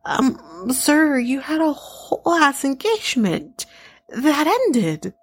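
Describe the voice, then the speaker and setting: A woman's voice: high-pitched, slow. A woman hosting a podcast, recapping a show in casual chat, blunt and sarcastic, swearing freely and laughing at her own asides. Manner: lively, laughing asides, addresses listeners.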